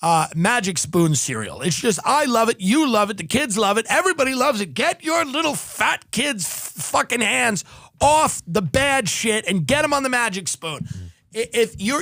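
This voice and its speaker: A male podcast host tears through a comedic ad read with a sarcastic, rambling, profane edge. His voice sits high for a man and sounds close and dry. He drifts from one tangent to the next. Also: very animated, normal speed, sharp tone, no echo.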